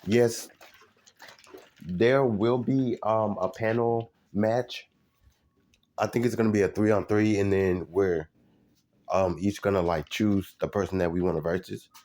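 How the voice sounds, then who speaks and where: Deep-voiced man chatting on a live stream. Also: steady tone, darkish tone. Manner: halting, many fillers and restarts. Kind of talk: casual live-stream chat to viewers.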